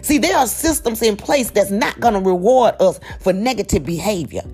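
A woman with a husky, slightly breathy voice delivers a motivational talk in a preachy, emphatic way. Her pitch swings widely as she calls out to her listeners. Soft music plays faintly underneath. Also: lively intonation, normal speed. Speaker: motivational speaker.

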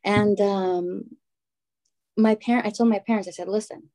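A woman in her thirties telling stories in casual conversation, animated and acting out what others said. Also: mid-range voice, a little slow. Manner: animated storyteller, acts out quotes.

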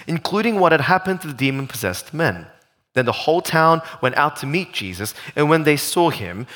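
A male pastor preaching a sermon, animated and full of rhetorical questions. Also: medium pitch.

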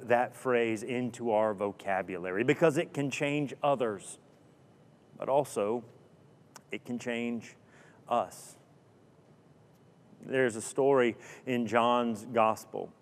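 A male preacher tells a story slowly and dramatically, piling up rhetorical questions and dropping to a hush at key moments. His voice has a middle pitch, and a long reverb trails each phrase as if in a large hall. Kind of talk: sermon storytelling.

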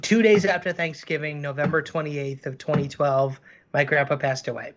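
Guy telling stories on a podcast, earnest, highish voice, kinda muffled lo-fi audio. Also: steady tone, moderate pace, noisy background. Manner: earnest, storytelling, lots of fillers. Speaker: cartoon creator, guest. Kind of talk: casual podcast conversation.

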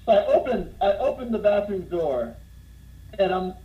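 A man telling a funny bar story in casual conversation, getting more animated as he goes. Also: moderate pace, lo-fi sound. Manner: animated, gets louder and higher as the story builds.

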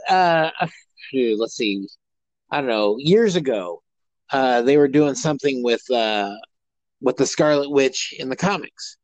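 On a rough recording with no echo, a mid-range male voice chats casually as a podcast co-host. He rambles, using many fillers and frequently starting over.

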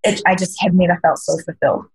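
This podcast guest, a leadership coach, has a fairly low voice with a breathy edge and fairly even intonation, and she talks fast. She responds to interview questions earnestly and reflectively, frequently starting sentences over, on a rough recording.

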